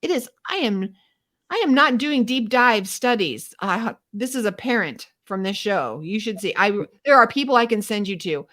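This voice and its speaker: A woman's voice: medium pitch, animated, moderate pace, a bit bright. A middle-aged woman hosting a casual faith discussion, chatty and self-deprecating, acting out little prayers and inner dialogue as she talks. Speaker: host of a Torah study show.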